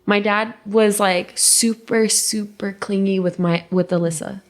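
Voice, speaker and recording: A young woman co-hosting a podcast, telling a painful personal story in a halting, emotional way that drops to a hush at hard moments. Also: mid-range voice, steady tone. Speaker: podcast co-host.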